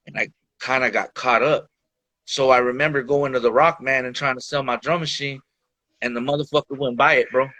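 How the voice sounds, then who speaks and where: This man's mid-range voice sounds pushed and bright, with no echo at all. Guesting on a podcast, he tells his life story candidly and casually, loaded with slang and swearing, repeatedly calling the listener "bro" and "dog."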